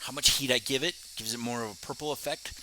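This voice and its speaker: A man's voice: medium pitch, quick pace, bright, forceful tone, slight background noise, low-quality recording. An American man, a glass artist, chatting in a folksy, easygoing way as he talks through his work in a home studio. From United States. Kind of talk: casual vlog talk while working.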